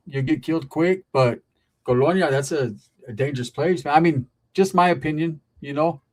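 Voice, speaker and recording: A man with a slightly raised voice, hosting a laid-back streamed chat show. He tells his stories in loose, profane street slang, full of asides and animated turns. He grew up in Northern California. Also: fairly high pitch. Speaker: podcast host. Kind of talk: casual storytelling chat. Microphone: streaming setup.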